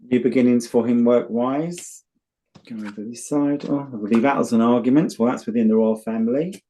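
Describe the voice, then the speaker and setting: British male tarot reader, mid pitch, chatty and blunt. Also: brisk, mellow. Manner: chatty storyteller, earthy and blunt. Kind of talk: casual chat and tarot reading.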